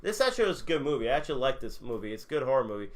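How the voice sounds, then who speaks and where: A man hosting a casual podcast, animated and acting out quotes as he talks. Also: mid-range voice, rapid-fire. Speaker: podcast host. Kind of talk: casual chat.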